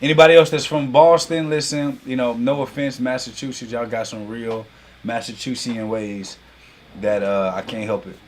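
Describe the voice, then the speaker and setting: A business coach hosts a casual livestream class intro, greeting viewers in a mid-range voice at a moderate pace. He's animated and hyped, playfully teasing the chat and saying "y'all" constantly.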